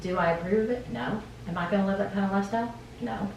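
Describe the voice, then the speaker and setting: A woman's voice: medium pitch, fast talker, gravelly, darkish tone, highs cut off. A woman teacher answering interview questions earnestly, often through rhetorical questions. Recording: very echoey room, distant mic, faint noise.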